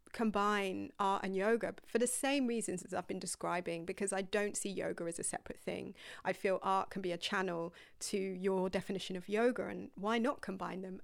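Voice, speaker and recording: A woman's voice: mid-range voice, vocal fry, no room sound, studio quality. A woman who is a yoga teacher and coach, talking in a casual podcast monologue. She is candid and rambling, laughs often and apologizes in a self-deprecating way.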